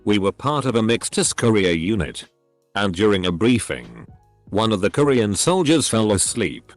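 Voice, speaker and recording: Low, lively synthetic male narrator. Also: no room sound. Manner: synthetic text-to-speech read with odd phrasing and pauses. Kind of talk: scripted narration of online posts. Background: faint background music.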